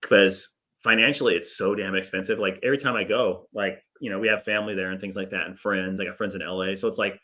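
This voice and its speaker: A man's voice: low-pitched, steady tone, fast talker, few pauses, bright, forceful tone. A man co-hosting a casual sports podcast, laid-back and profane, often laughing through his stories.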